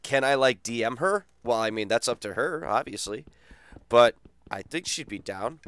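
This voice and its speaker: A male gaming streamer chats casually with his viewers, full of crude, teasing banter. His voice is smooth and resonant and sits in an ordinary middle register. The sound is dry and close, with no room around it. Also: mid-range voice, expressive, moderate pace, a bit bright, no room sound. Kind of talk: casual live-stream chat.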